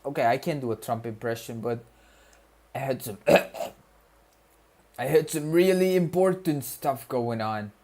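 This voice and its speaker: A young man streams from his desk, talking casually to his chat in an unhurried, drawn-out way. He rambles, repeats phrases over and over and throws in loose slang and jokes. His voice sits at an ordinary pitch for a man. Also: mellow. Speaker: student streamer. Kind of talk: casual livestream chat with viewers.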